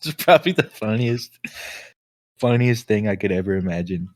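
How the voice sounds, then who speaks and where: A young man with a fairly low voice tells a story on a casual podcast. He swears freely and keeps breaking into laughter as he talks. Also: expressive, normal speed. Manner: laughs often while telling stories. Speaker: podcast co-host. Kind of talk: casual chat.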